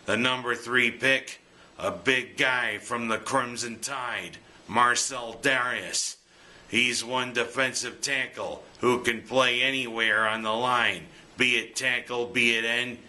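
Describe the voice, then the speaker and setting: Slow, bright-voiced man. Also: mid-range voice, steady tone. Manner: jokey, punning, breaks into goofy singing. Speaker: sports commentary host. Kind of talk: scripted sports commentary.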